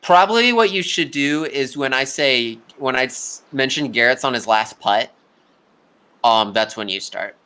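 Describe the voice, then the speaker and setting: A man's voice: mid-range voice, unhurried, bright, forceful tone, smooth. A young man giving casual live play-by-play commentary on a video game golf tournament, chatty and talking straight to the players.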